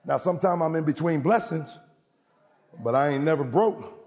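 A man preaching with fervor, his high voice carrying a gravelly rasp. He shouts his refrains and calls out to the congregation. A long reverb trails each line, with faint music underneath. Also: moderate pace. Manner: fervent preaching, shouting refrains, call-and-response. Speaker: pastor. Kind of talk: preached sermon.

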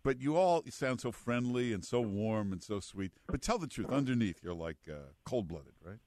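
Man, New York accent, radio host, jokey ribbing, very lively intonation, dry booth. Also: medium pitch, normal speed, dry recording. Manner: teasing, jokey. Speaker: guest radio talk show host. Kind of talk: talk radio call-in banter. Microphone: studio microphone.

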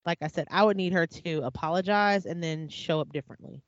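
A woman talks openly in a casual chat, thinking aloud and restarting her sentences. The sound is dry and a little dull, as if recorded close to the mic in a quiet room. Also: lowish voice, a little fast, no echo. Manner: candid, reflective, talks with restarts and "like". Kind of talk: casual conversation.

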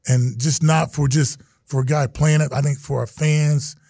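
A middle-aged man, a guest in an interview, telling stories in a lively way and acting out the quotes. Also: on the high side, moderate pace, no echo, studio quality. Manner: animated storyteller, acts out quotes, exclamations. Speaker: interview guest, retired football player. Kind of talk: casual interview storytelling.

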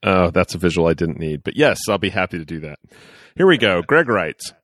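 Lively low-voiced male podcast host. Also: brisk, no echo, clean studio sound. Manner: animated, jokey, reads aloud with playful asides. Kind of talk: casual podcast chat and letter reading.

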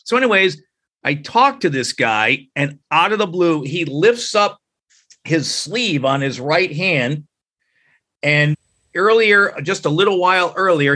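A man with a bright, forceful, slightly high voice recounts a personal story as a podcast guest. He speaks earnestly and with animation, slipping into the voices of the people he quotes. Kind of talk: personal storytelling in a faith-based interview.

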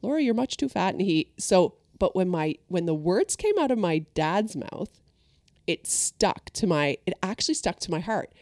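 A woman chats casually, telling a story with lively, acted-out quotes. Her voice sits on the lower side, and the recording is dry and close with no room sound. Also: measured pace, no room sound. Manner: animated storyteller, acts out quotes.

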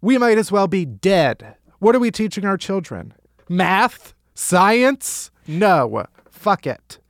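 A man's voice: sits high, dry recording, studio quality. Sarcastic, profane male comedy host. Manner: sarcastic and profane, with frequent laughs. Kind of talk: casual comedic news roundup.

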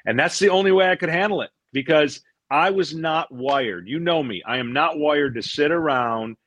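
A man in his fifties, a guest on an interview podcast, telling a long story in a casual, animated way and acting out what others said. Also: on the high side, moderate pace, no echo. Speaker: interview guest, former pitcher.

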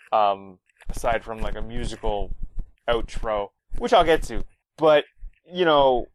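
A man's voice: mid-range voice, a little hiss or hum, poor audio. Rambling man recapping an episode. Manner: rambling, heavy with fillers. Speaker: podcast host recapping an episode.

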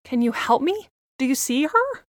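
A woman's voice: high voice, very animated, normal speed, no echo, clean studio sound, voice pushed up. A woman voicing a worried, earnest young girl in a storybook, pleading and breathless. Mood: anxious pleading. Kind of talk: storybook voice acting.

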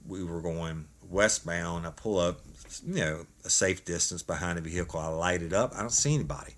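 A man, a former police officer, telling a funny story in a casual, animated way with laughs. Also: deep voice, fairly quick.

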